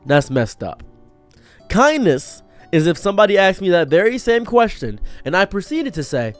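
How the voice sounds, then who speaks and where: Earnest man with a lively pitch. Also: normal speed, soft background music. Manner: earnest, preachy, acts out quoted voices. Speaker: streamer giving a pep talk. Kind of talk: motivational monologue.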